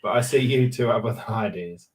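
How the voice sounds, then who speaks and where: A man's voice: on the low side, a little fast, heavy background noise. A man, co-hosting a casual live chat stream and teasing his co-host. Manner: teasing, jokey. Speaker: livestream co-host.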